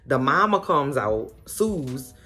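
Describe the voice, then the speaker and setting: A woman hosting a casual recap of a TV episode, telling it in a sassy, animated way full of exclamations. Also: very deep voice, slow pace. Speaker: host.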